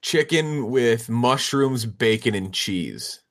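A man's voice: mid-range voice, expressive, slow. A man co-hosting a podcast, telling stories in casual banter with frequent laughs. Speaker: podcast co-host.

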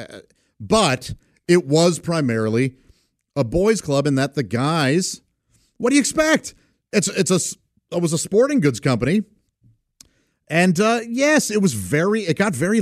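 Lively rambling man telling stories. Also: fairly high pitch, no room sound, studio quality. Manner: rambling, self-deprecating, laughing through stories. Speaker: storyteller. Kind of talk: casual anecdote.

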